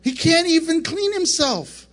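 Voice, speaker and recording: A man's voice: very high voice, expressive, a little slow, fairly bright tone, pitched above the performer's own voice, heavily acted. Man putting on a sneering, scornful devil. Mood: mocking. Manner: sneering, dismissive. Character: scornful male devil mocking his rival.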